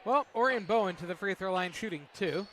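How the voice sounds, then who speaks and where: A man giving color commentary at a high school basketball game, with wry joking asides. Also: animated, a little fast, a bit bright. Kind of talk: casual sports commentary. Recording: noisy gym broadcast. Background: gym ambience, basketball bouncing.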